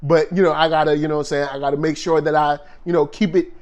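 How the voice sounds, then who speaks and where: A man co-hosting a casual relationship talk show with his wife, laid-back and quick to laugh, reading viewer comments aloud. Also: on the high side, flat delivery, darkish tone. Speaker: podcast co-host. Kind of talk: casual chat.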